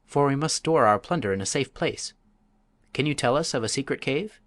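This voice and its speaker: A man's voice: medium pitch, animated, normal speed, no echo, voice pushed up, natural voice. A man doing a blustering bandit. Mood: eager. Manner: loud and blustering. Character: fierce, boastful bandit man.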